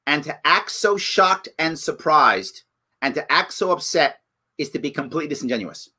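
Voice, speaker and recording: A middle-aged man with a bright, forceful voice holds forth as host of a live show. He talks emphatically, hammering his points through repetition, now pleading, now scolding. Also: on the high side, expressive, moderate pace, husky. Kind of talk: impassioned live commentary.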